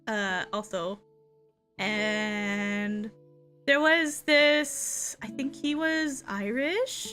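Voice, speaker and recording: Young woman VTuber, high and bright, lively pitch, giggly rambling storyteller, faint music under her. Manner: giggly, laughs often mid-sentence; rambling, self-correcting with many restarts. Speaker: VTuber streamer. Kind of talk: casual storytelling chat.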